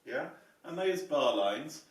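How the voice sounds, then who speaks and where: A man teaching psalm chanting in a measured, explanatory way, playing the piano as he goes. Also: fairly high pitch, animated. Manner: measured and explanatory, often saying "yeah?"; plays piano while demonstrating. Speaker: choral music teacher. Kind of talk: music lesson on psalm chanting. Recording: echoey room, distant mic, piano.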